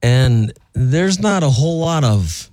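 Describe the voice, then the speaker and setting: A man's voice: mid-range voice, lively intonation, slow, dark tone, no echo. A male radio co-host chatting casually and making wry, dry quips.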